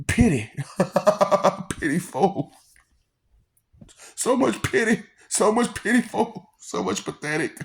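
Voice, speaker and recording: A man on a solo rant, teasing his listeners and breaking into laughter between lines. His voice sits a little high with a gravelly edge. He rambles, repeats himself and stumbles over his words. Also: sing-song, slow pace. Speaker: vlogger. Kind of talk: mocking rant monologue.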